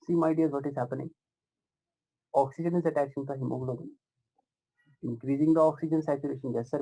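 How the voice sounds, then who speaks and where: A man's voice: a little high, creaky, low-quality recording. A man teaching a live online pathology class, asking his students question after question, correcting himself and using many fillers. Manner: repetitive questioning, addresses students warmly as "my dears" and "guys"; frequent fillers and self-corrections.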